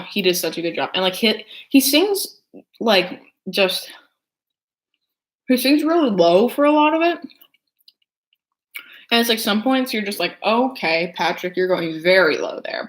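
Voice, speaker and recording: A young adult woman chatting casually as a vlogger, rambling with lots of filler words while she eats. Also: mid-range voice. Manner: eating while talking. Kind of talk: casual chat.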